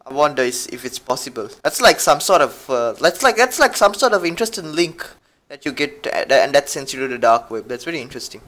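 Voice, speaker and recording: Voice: mid-range voice, sing-song, fairly quick, a bit bright. A podcast co-host chatting casually, giggling and rambling while reading aloud. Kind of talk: casual chat.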